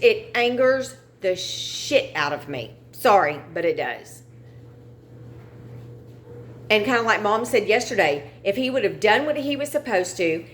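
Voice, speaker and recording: A middle-aged woman, chatting frankly to her viewers in a casual vlog and venting her frustrations. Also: mid-range voice. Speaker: vlogger. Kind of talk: casual chat to camera.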